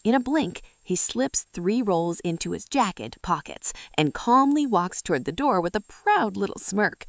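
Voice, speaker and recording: A woman reading jokes aloud in a brisk, scripted storytelling style. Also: mid-range voice, lively intonation, no room sound. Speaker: joke teller. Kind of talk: scripted joke narration.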